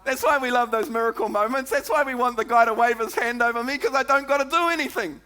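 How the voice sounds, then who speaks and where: A pastor with a New Zealand accent delivers a sermon in an extremely high voice, talking fast. His style is chatty and lively, and he keeps calling out "come on" and "eh?" to the congregation.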